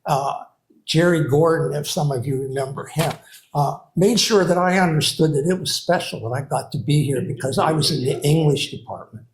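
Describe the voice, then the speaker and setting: A man's voice: fairly high pitch, normal speed, a little hiss or hum. An older man, a retired writing program director, gives rambling, hesitant memorial remarks to an audience, full of fillers and restarts. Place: hall with a live audience. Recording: echoey room.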